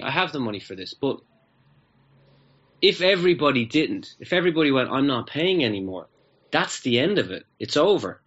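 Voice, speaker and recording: A man's voice: medium pitch, fairly bright tone, lo-fi sound. A man, a guest in an interview, telling a long story in a rambling way and often repeating his words. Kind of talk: casual anecdotal storytelling.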